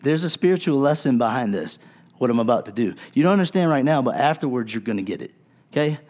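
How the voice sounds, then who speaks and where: A male pastor preaching a sermon in a conversational way, acting out the people he quotes and dropping to a low, soft voice for emphasis. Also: animated, quick pace. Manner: wide swings in loudness, drops low and soft for emphasis.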